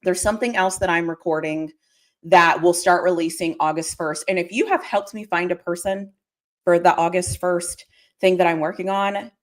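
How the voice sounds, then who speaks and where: A young adult woman hosting a casual livestream, chatting excitedly and greeting viewers with bursts of squeals. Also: on the low side, normal speed. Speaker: livestream host.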